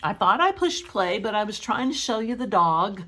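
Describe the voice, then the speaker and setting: A woman's voice: medium pitch, very animated, normal speed, fairly bright tone. A middle-aged woman showing her stamped cards in a casual crafting tutorial at home, chatty and rambling, often correcting herself. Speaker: craft demonstrator. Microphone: camera on a stand.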